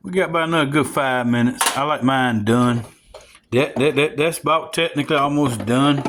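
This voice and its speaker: A man, casually narrating a home cooking video and chatting straight to viewers with excited whoops. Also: mid-range voice, moderate pace, background noise. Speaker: home cook showing a recipe. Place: home kitchen.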